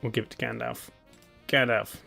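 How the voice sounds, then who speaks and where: A man's voice: mid-range voice, level tone, normal speed, gravelly, sharp tone, faint music behind. A man hosting a live stream in a casual, laid-back way. He chuckles often and hums idly between remarks. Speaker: streamer host.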